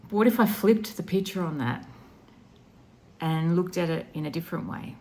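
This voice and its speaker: A woman intuitive healer speaking in a soft, reflective and emotional way about her spiritual practice. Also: fairly low pitch, normal speed.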